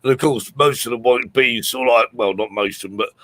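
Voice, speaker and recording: A man's voice: mid-range voice, brisk, a bit bright, dry recording. A man hosting a live show, chatting casually and repeating words before he lands a point. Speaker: host.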